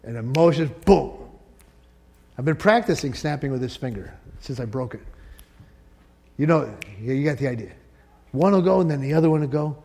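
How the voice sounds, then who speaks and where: A man preaching a sermon as pastor, swinging from loud emphatic peaks to soft asides. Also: medium pitch, animated, normal speed, gravelly, long pauses. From northern United States.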